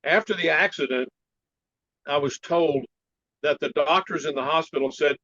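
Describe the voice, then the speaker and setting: A man's voice: a little high, normal speed, a bit bright, dry recording, highs cut off. A man being interviewed as a martial arts teacher, telling anecdotes about an old friend. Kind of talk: storytelling in an interview.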